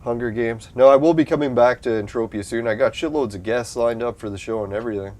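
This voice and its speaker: A man's voice: mid-range voice, fast, darkish tone, soft background music. A young adult man from Canada, chatting casually and profanely on a live stream, rambling and laughing often.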